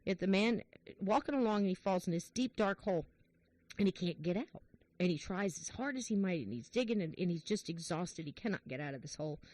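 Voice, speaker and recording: A woman hosting a podcast, chatting in a warm, emotional, chatty way and retelling a joke. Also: on the low side, animated, brisk, no echo. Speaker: podcast host. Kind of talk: casual chat, retelling a joke.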